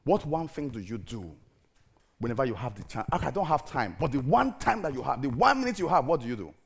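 A middle-aged man preaching a sermon in an animated, theatrical way, firing rhetorical questions at the congregation. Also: mid-range voice, fast, gravelly, husky.

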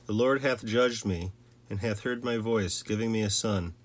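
A man reading the lines of Rachel, an envious childless ancient wife, in a plain, measured voice. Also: fairly low pitch, lightly acted. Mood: pleading.

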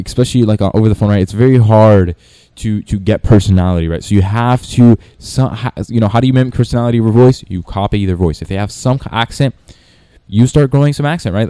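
A man talks through his cold-calling method in a loose, rambling way, circling back and restarting often. His voice sits low, with a warm, dark tone. The sound is completely dry. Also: no room sound. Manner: rambling, many restarts and fillers. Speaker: sales coach. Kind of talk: casual talking-head tutorial.

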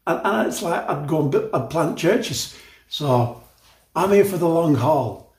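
Emphatic older pastor in echoey church. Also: male voice, on the high side, animated, a little slow, darkish tone. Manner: emphatic, repeats words and restarts, chatty asides. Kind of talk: sermon.

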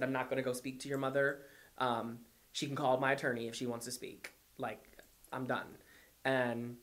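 A man telling an emotional story and acting out the people in it with heat. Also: a little high. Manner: animated, heated retelling with voiced quotes.

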